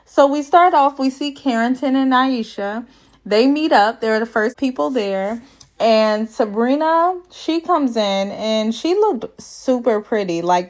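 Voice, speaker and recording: A woman hosting a casual reality TV recap, sassy and chatty, laughing at her own jokes and quoting people in put-on voices. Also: fairly high pitch. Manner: quotes cast members in put-on voices.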